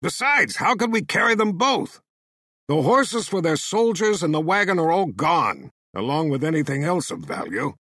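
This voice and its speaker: Guy doing a gruff nasty captor, heated and argumentative, pretty dry sound. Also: on the high side, very animated, normal speed, fairly bright tone, no room sound, full character voice. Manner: heated, arguing. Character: gruff predatory male captor.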